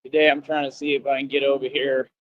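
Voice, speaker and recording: A man's voice: medium pitch, little pitch movement, fast talker, dry recording, narrow, tinny audio. A man ranting boastfully and scornfully on a live stream.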